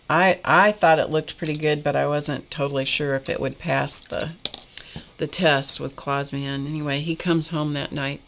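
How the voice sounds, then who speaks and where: A woman's voice: deep voice, fairly bright tone. A woman hosting a live painting class, telling rambling stories as she paints and greeting chat viewers by name. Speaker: art instructor hosting a live painting stream. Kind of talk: casual live-stream chat while painting.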